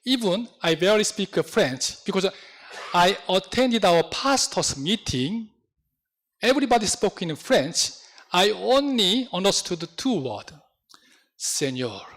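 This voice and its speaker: Lively high-voiced pastor. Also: male voice, unhurried. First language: Korean. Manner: storytelling with non-native English phrasing. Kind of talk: sermon.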